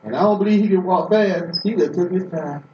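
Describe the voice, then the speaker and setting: Preacher man from Boston, higher voice, emphatic with repeated restarts, echoey hall from far off, dull lo-fi. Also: brisk, darkish tone, slight background noise. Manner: emphatic storytelling, repetitive restarts. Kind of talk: sermon.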